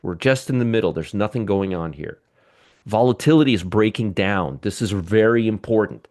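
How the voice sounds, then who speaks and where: Excitable male market show host. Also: on the low side, normal speed. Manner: excitable, joking, talks to viewers directly. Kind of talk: live market commentary.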